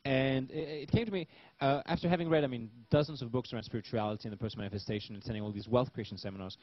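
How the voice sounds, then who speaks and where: Male seminar speaker, mid-pitched, loose and rambling with frequent restarts, slightly dull recording. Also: steady tone, very fast. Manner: rambling, many restarts and fillers. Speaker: seminar presenter. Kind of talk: live seminar talk.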